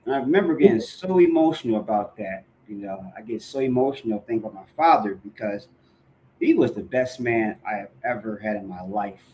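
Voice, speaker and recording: A man's voice: fairly low pitch, brisk, mellow, slight background noise, poor audio. A man hosting a podcast in casual conversation, talking earnestly and emphatically, repeating phrases for stress. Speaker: podcast host.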